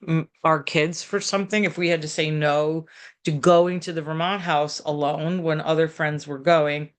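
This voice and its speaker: Middle aged lady giving a parenting talk, super animated, does little voices for the kids, lots of likes. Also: low-pitched, normal speed. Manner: animated, acts out parents and teens in quoted voices, many fillers.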